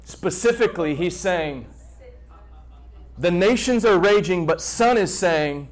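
Animated preacher man, slightly high voice. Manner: animated preaching with repetitions and dramatic pauses. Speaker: pastor. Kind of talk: sermon.

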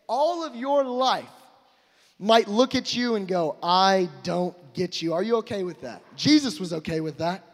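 A young man preaching an emphatic sermon to a crowd, swinging between loud calls and hushed asides. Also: high voice. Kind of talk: energetic sermon to a live crowd. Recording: long hall reverb.

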